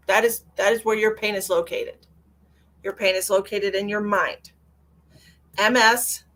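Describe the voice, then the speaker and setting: A woman's voice: medium pitch, a bit bright. A woman psychic medium on a live stream, answering viewer comments in a blunt, lecturing way and repeating phrases for emphasis. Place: at home with her cat.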